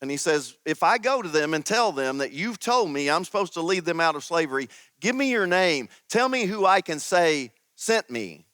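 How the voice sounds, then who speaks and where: A man preaching a sermon as pastor, teaching slowly and emphatically with dramatic pauses. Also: fairly high pitch, sing-song, a bit bright, clean tone, no room sound.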